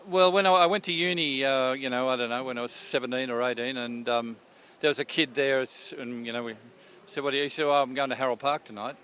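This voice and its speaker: A man's voice: medium pitch, fairly even intonation, quick pace, a bit bright, slight background noise. An older Australian man, a radio presenter, chatting in a rambling, storytelling way, interviewed outdoors at a racetrack. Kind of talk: casual interview chat.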